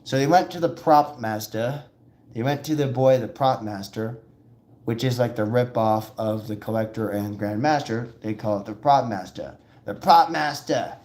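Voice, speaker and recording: A man hosting a casual video, rambling and repeating himself as he shows props and comments excitedly to his viewers. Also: mid-range voice, normal speed. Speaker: video host.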